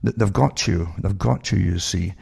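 A husky, gravelly-voiced man reads news articles aloud to his online audience, rambling in loose bursts at normal speed. His dark tone keeps breaking off and restarting as he throws rhetorical questions at listeners.

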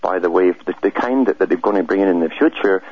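A man's voice: deep voice, quick pace, slightly rough, lo-fi sound. A man being interviewed as a guest on a radio talk show, explaining steadily with frequent hesitations and repeated words.

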